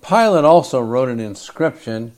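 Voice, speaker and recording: A man preaching an expository sermon, reading scripture and commenting with emphatic pauses and frequent throat clearing. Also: mid-range voice, lively intonation, darkish tone.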